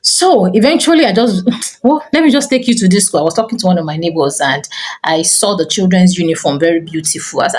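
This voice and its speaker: This is a middle-aged woman whose voice sits a little low. She is a teacher who runs a school, and she talks straight to camera about her own family life. She tells it like an animated storyteller and scatters "you know" all through her sentences. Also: fast, rough recording. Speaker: teacher and school owner giving parenting advice.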